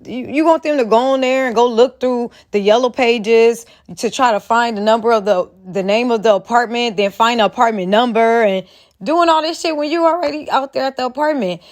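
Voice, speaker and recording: Donna dalla voce acuta, schietta e scurrile, che commenta con foga. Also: female voice, fairly high pitch, a little fast. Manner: heated, blunt, profane, repetitive. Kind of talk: profane reaction commentary.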